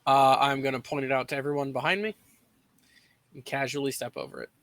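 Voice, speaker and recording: A man playing in an online tabletop game, bantering in a relaxed, joking way. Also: medium pitch, fairly quick, no echo. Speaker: player. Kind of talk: casual play at a tabletop game.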